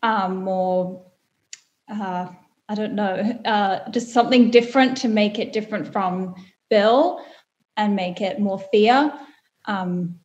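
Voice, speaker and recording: Speaking slowly with a medium-pitched, darkish voice, a young adult woman talks as an actress guest in a casual interview chat. She is thoughtful and uses a lot of fillers, and the lo-fi recording has a roomy echo.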